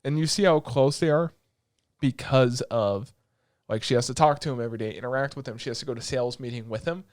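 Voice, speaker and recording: A young man co-hosting a podcast, recapping an anime in casual chat, animated, swearing freely and breaking into quick asides. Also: mid-range voice. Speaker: podcast co-host.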